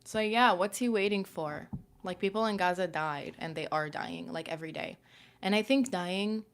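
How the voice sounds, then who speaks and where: A woman's voice: fairly low pitch, moderate pace, a little hiss or hum. Chatty young woman on a livestream. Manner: chatty and self-conscious, lots of "like". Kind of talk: casual livestream chat reading scripture aloud.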